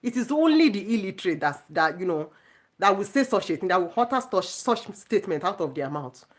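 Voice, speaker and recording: With a medium-pitched, sing-song voice that runs a little fast, this middle-aged woman vlogs an indignant monologue to her viewers. It's casual but emphatic, and she repeats herself to drive the point home.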